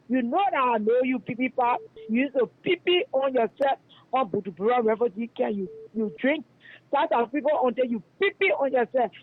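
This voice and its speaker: A man with a Liberian English accent rants fiercely over a tinny phone line, his voice pitched unusually high for a man. He calls in to a radio show and hammers the same accusations again and again. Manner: fiery, denouncing, repetitive. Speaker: radio caller. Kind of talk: heated call-in rant.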